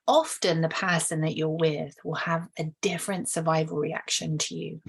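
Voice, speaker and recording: In a low, breathy voice with vocal fry, a woman talks through relationship conflict in a casual, thoughtful way. She restarts her sentences often and briefly acts out the things people say. She speaks as a relationship educator.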